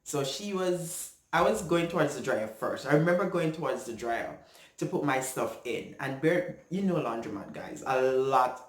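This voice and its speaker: A man from Jamaica with a Jamaican accent, telling a personal story in an earnest, animated way. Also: medium pitch, normal speed. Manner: earnest, animated, slips into patois when upset. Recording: echoey room.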